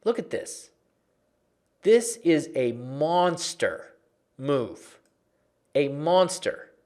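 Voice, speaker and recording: A man walking viewers through trading charts in a lively, conversational lesson, often repeating phrases for emphasis. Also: a little high, drawn-out words. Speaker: trading educator.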